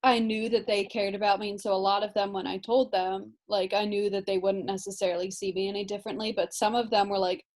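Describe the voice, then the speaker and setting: A young woman in a casual group chat, telling a story in a relaxed way. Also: mid-range voice, fast talker, hardly any pauses. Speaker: support group member.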